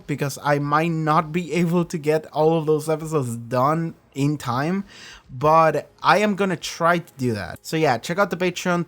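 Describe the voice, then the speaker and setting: A man's voice: on the high side, a bit bright. Casual rambling male reaction host. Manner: rambling, self-correcting, laughs often, casual swearing. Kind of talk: casual chat.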